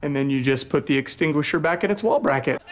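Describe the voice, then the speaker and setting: An actor playing a young, goofy, careless big brother with a loud, excitable way of talking. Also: male voice, on the high side, fast, over loud music, lightly acted. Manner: loud, excitable, often shouting. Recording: noisy sitcom audio with studio audience laughter.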